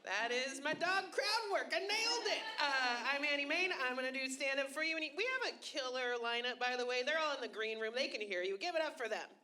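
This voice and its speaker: A woman in her thirties hosting a stand-up show in a small venue, self-deprecating and animated, laughing between jokes. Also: sits high, brisk, hardly any pauses, noisy background. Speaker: stand-up comedian and host. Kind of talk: stand-up comedy set. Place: small comedy venue with a few people.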